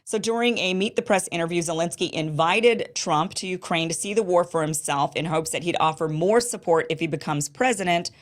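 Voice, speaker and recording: A woman's voice: fairly low pitch, fairly quick, hardly any pauses. A woman hosting her show, delivering impassioned, emphatic political commentary in an indignant tone. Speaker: show host.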